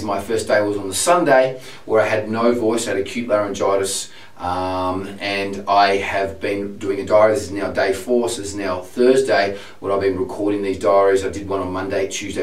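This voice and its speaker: A man with laryngitis, a singing teacher talking through his vocal warm-ups with a husky, strained voice. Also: fairly even intonation, moderate pace. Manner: talks through exercises, testing falsetto with sung sirens. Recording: echoey room, far from mic, loud piano.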